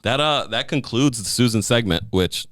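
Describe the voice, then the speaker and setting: A man's voice: mid-range voice, expressive, moderate pace, fairly bright tone, dry recording, studio quality. A male podcast host chatting casually, joking and laughing a lot. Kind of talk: casual chat.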